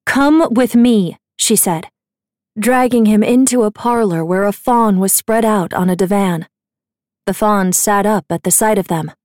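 The clip is a dry, clean studio take of a woman voicing a fantasy audiobook from a script. She tells the story in a measured, even way at medium pitch.

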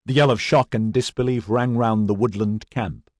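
A man narrating a fantasy audiobook in an expressive, dramatic reading. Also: mid-range voice, moderate pace, no room sound, studio quality. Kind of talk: scripted narration.

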